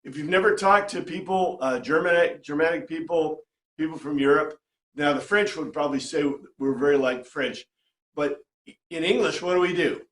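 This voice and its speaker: A man's voice: on the high side, moderate pace, fairly bright tone, roomy sound. A man teaching a Bible class in a conversational way, often checking in with his listeners. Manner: chatty, checks in with "right?". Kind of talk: informal lecture to a class.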